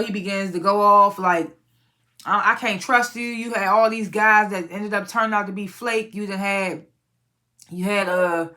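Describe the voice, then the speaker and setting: A woman's voice: medium pitch, pushed and bright. A woman hosting her own review channel, recapping a TV episode in a casual, profane way and acting out the characters' lines as she goes.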